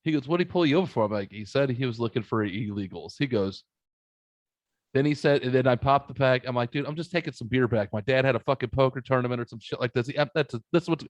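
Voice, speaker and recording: Profane, animated young man telling a story. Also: mid-range voice, fast talker, no room sound. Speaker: podcast host. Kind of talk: casual storytelling chat.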